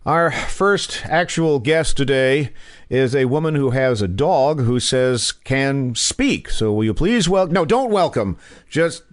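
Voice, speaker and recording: A man's voice: mid-range voice, animated, slow, no room sound, clean studio sound. A man hosting a comedy podcast sketch, playing an exasperated, flustered straight man.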